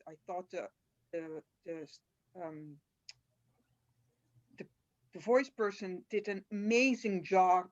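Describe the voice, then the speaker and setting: A woman audience member on a video call, asking an author questions eagerly and haltingly. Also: on the low side. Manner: enthusiastic, halting, with many restarts. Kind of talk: conversational Q&A. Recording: dull, muffled video-call audio.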